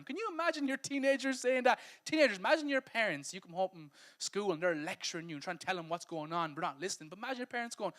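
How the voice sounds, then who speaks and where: Brief: high-pitched male preacher, playful and conversational delivery. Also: animated, fast, hardly any pauses, a bit bright. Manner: humorous, conversational, acts out scenes. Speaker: pastor. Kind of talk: sermon.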